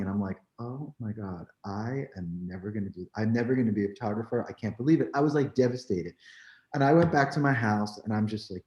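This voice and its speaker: A man from New Jersey, a photographer, telling his story in an animated, candid way, peppering his talk with "like" and "you know.". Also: mid-range voice, lo-fi sound. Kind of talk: storytelling in a conversation. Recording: roomy echo.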